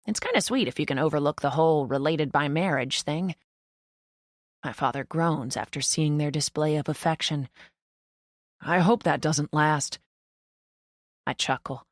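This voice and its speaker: A woman reading a novel in the first person as an audiobook narrator, in an even, reflective way. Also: deep voice, normal speed, no room sound, clean studio sound.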